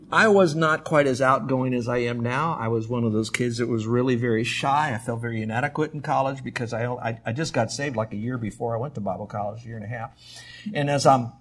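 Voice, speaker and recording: A man's voice: mid-range voice, husky. A male pastor preaching a sermon in an emphatic, conversational storytelling manner.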